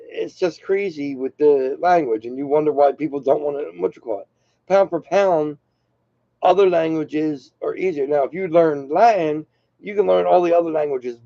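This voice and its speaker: An older man rambles through a casual monologue as host of his own channel. His voice is gravelly and dark, and the recording sounds dry and dull, close and lo-fi. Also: mid-range voice, no echo. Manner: rambling, loose, self-deprecating asides.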